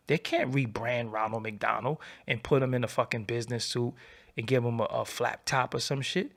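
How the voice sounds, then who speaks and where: A man hosting a livestream, ranting in a profane, animated, preaching way and repeating his phrases, swinging from low mutters to loud outbursts. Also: normal speed, creaky. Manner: swoops between low mutter and loud high bursts. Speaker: livestream host. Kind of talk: unscripted livestream rant.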